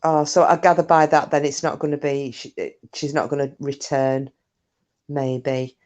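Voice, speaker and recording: A woman's voice: deep voice, little pitch movement, normal speed, a little mellow, lo-fi sound. A woman chatting casually on a live stream, rambling through stories, answering comments and swearing mildly.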